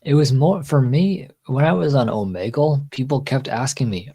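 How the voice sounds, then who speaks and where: A male streamer chatting casually and calmly with his audience. His voice is dark and mellow, a little husky, easygoing in its rhythm. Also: mid-range voice, moderate pace, low-quality recording. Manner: relaxed, chatty, reads out chat and answers. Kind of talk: casual chat.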